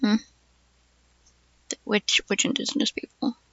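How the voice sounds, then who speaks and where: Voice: unhurried, fairly bright tone, no room sound, muffled recording. A streamer chatting casually and reading aloud, musing with lots of fillers and hums.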